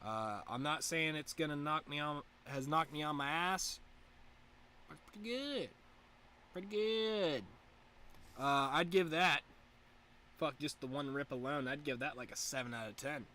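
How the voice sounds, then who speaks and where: A young man hosting a livestream, chatting casually and profanely while getting high, deliberately pushing his voice up into a head voice. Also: sharp tone, slight background noise. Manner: profane, rambling, laid-back, deliberately pitched-up head voice. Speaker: livestream host. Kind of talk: casual stoner livestream chat.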